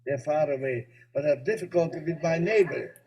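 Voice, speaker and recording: A man who is a rabbi, giving a spiritual teaching talk that he fills with stories and gentle humor. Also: on the high side, brisk, slightly rough, low-quality recording. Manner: storytelling, gently humorous, warmly explanatory.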